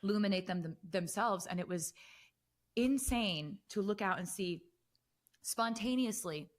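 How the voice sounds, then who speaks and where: A woman in her thirties, a guest on a casual podcast, telling animated stories with lots of fillers. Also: mid-range voice, a little slow. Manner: chatty, animated storytelling with frequent fillers. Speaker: guest musician.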